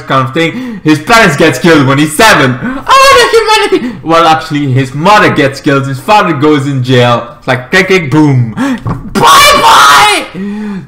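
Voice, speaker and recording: A young man hosting a casual vlog recap, rambling, swearing and breaking into sudden shouts and squeals. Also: on the high side, echoey room. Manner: loud, erratic bursts of shouting and squealing; swears freely, rambling with fillers. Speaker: YouTube recap host.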